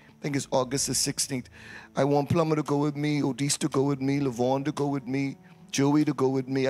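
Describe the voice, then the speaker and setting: A man serves as pastor, leading announcements and prayer in a church sanctuary. He teases members by name and calls for answers from the congregation. His pitch sits in a middling range, and a faint musical instrument plays behind him. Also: a little mellow. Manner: playful, teasing, call-and-response with congregation.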